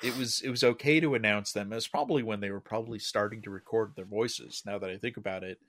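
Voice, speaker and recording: A man hosting a podcast, chatting casually with co-hosts in a relaxed, rambling way full of fillers. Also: fairly low pitch, quick pace. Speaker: podcast host. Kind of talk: casual chat.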